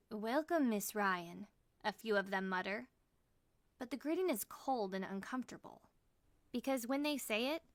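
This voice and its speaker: A woman narrating an audiobook in the first person, reading in an expressive, measured way. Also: mid-range voice, no echo.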